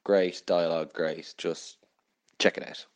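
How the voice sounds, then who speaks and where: A young man talks through a film review in a relaxed, rambling way, leaning on fillers as he goes. His voice sits very low. He sounds like a podcast host chatting off the cuff. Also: measured pace.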